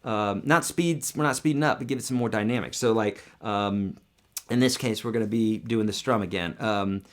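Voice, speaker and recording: Loud guitar sits behind a man's voice as he teaches a song in a live stream, explaining in a casual, chatty way and singing lines to demonstrate. He speaks on the low side at normal speed.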